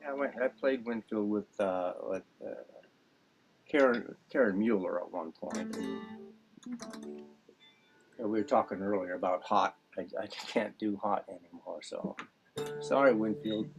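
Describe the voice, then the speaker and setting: A man's voice: fairly low pitch, measured pace, creaky, long pauses, low-quality recording. A man teaching a music class over a video call, rambling through homely analogies. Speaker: dulcimer teacher. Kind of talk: casual class introduction.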